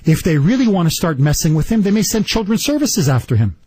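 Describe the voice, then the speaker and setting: A man hosting a talk radio show, delivering an indignant, rapid-fire political monologue. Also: sits high, very animated, mellow, a little hiss or hum.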